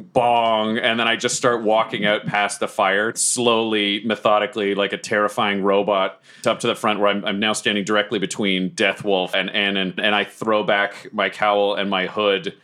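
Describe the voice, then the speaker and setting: A man playing a tabletop game, describing his character's actions in a deadpan, deliberate way. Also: fairly low pitch. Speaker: player.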